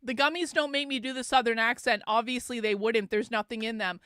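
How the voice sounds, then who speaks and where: A woman's voice: a little high, fairly even intonation, fairly quick, a bit bright, no room sound, studio quality. A woman hosting a livestream, chatting casually and joking with her viewers. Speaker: livestream host.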